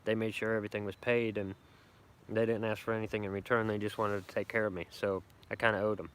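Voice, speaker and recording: A middle-aged man rambles brashly and profanely on a casual live stream from his woodland camp, a bushcraft vlogger full of boastful country talk. His voice sits fairly low with a level tone, he talks fast, and there's slight background noise.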